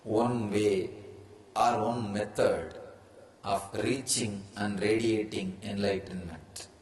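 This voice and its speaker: A man's voice: on the low side, steady tone, slow pace, darkish tone. A man with an Indian English accent giving a spiritual discourse, speaking in emphatic, declarative statements. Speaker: spiritual teacher. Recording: echoey room with faint ambience.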